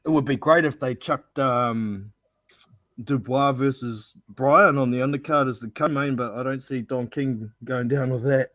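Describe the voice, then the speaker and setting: A man's voice: medium pitch, measured pace, fairly bright tone, no echo. A man co-hosting a casual boxing chat, agreeable and reading out news items.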